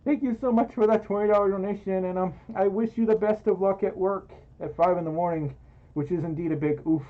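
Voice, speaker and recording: Hosting a relaxed livestream indoors in a fursuit, a man reads donations aloud in a giggly, playful, self-deprecating style. He talks fairly quickly with a high voice and fairly even intonation, and the audio is muffled.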